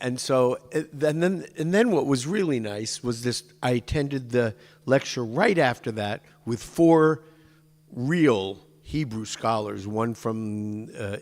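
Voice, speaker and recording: Man telling a story in a reverberant hall. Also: medium pitch. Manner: digressive, restarts sentences, explains pronunciation. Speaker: speaker addressing a congregation. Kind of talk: casual anecdotal storytelling. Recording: long reverb of a large hall.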